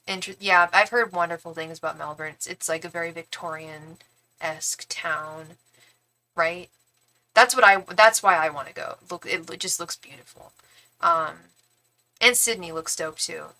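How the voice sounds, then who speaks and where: A woman's voice: fairly low pitch, normal speed, sharp tone, rough recording. A young woman reading tarot cards on a live stream, chatting and gushing casually to her viewers. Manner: chatty and gushing, lots of "like" and "girl". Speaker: tarot reader and psychic.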